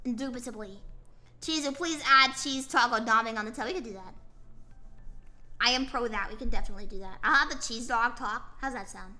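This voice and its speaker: A woman's voice: a little high, a little fast, pushed and bright. A tired young woman streaming as a VTuber, chatting casually and rambling while she draws and answers her chat. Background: faint music playing.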